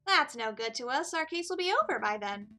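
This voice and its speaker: Brief: a woman voicing a calm, measured falcon lawyer in a game, bright voice. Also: sits high, faint music behind, exaggerated voice. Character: composed male falcon defense attorney.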